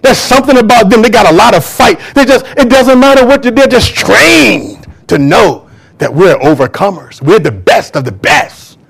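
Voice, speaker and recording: A man's voice: high-pitched, lively intonation, moderate pace, vocal fry, a bit bright, slightly rough. A man preaching a sermon to a church congregation, emphatic and drawing call-and-response from the crowd. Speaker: pastor.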